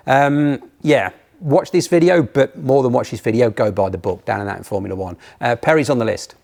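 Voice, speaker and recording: Gravelly man telling stories. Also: mid-range voice. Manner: animated, digressive, jokey storytelling. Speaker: guest presenter. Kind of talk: casual chat.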